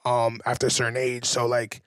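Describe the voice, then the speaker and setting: A man's voice: mid-range voice, completely flat delivery, a little fast, dry recording. A man and father co-hosting a casual podcast, talking in a loose and rambling way. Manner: loose and rambling, full of restarts and fillers. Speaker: podcast co-host. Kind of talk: casual chat.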